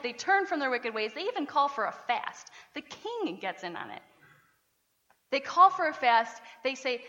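A woman pastor preaching a lively sermon, often laughing and acting out the people she quotes. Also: sits high. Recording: dull sound with long hall reverb.

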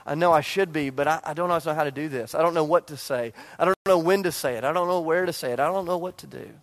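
A man's voice: a little high, fast talker. A man in his forties preaching to a church congregation, telling a personal story with self-deprecating humor and frequent restarts. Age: 40s. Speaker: pastor. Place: church service before a congregation.

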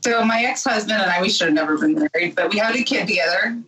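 A woman's voice: medium pitch, fast, pushed and bright, distant mic, low-quality recording. A woman guest telling her story bluntly and candidly, laughing often in a casual interview chat.

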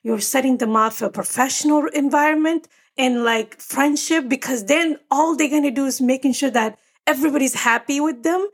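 A woman's voice: high-pitched, moderate pace, few pauses. A woman therapist co-hosting a casual podcast chat, earnest and reflective as she talks through her anxieties. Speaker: podcast co-host.

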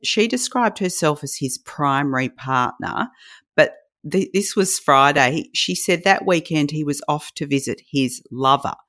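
Low-voiced mother, wry. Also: animated, a little slow, a bit bright. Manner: dry storytelling, wry asides. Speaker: host's mother, guest. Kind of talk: casual chat.

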